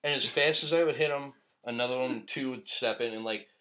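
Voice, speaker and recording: Male podcast host, mid-pitched voice, loose profane storyteller who laughs a lot through his tale. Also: fairly quick, pushed and bright. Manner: profane, rambling, laughs often. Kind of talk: casual storytelling chat. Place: live-streamed podcast.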